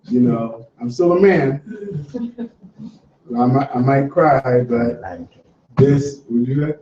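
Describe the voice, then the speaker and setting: A man teaching a religious class talks in a relaxed, conversational, encouraging way before reading a prayer to the group. His voice is mid-range and slow, with slight background noise. A distant mic gives the recording a dull, roomy sound.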